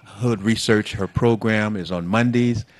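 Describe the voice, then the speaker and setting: A man's voice: on the low side, fairly even intonation. A man hosting a call-in talk show, folksy, stretching words for emphasis and calling callers baby. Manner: folksy, drawn-out emphasis, calls guests baby.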